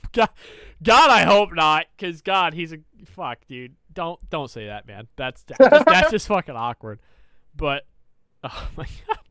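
A man's voice: fairly high pitch, big pitch swings, measured pace, fairly bright tone, no room sound. A young man co-hosting a podcast, telling a casual anecdote with lots of swearing and laughter. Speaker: podcast co-host. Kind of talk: casual chat, storytelling.

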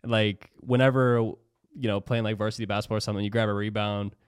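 A man's voice: fairly low pitch, fairly even intonation, fairly quick, clear, resonant tone, no room sound, clean studio sound. A young man in casual podcast chat, laid-back and saying "bro" a lot.

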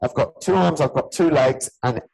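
In his early forties, this gym owner and personal trainer hosts a casual podcast chat, speaking bluntly and earnestly, swearing freely and calling the other man "mate" again and again. His voice is a little high and darkish, with vocal fry and a breathy edge, at a moderate pace on a rough recording.

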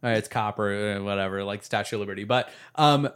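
A man's voice: fairly low pitch, fast talker, a bit bright, clear, resonant tone. A man co-hosting a casual book discussion podcast, thinking aloud through his theories. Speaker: podcast co-host.

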